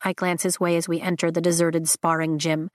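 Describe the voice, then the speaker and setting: A woman narrating a novel in the first person, steady and measured, on a close mic. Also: lowish voice, dry recording. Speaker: audiobook narrator.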